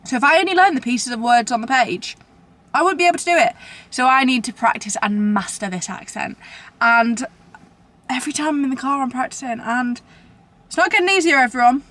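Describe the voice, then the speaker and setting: Here a young woman with a British accent chats briskly to camera, her high voice a touch bright. It's a casual vlog, rambling and self-deprecating in tone.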